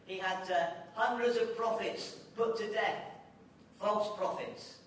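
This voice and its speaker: A man delivers a sermon with impassioned repetition and restarts. His voice sits high. He is heard from a distance in a strongly echoing hall. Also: steady tone, slow pace, a little hiss or hum. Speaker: visiting preacher. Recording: echoey hall, distant mic.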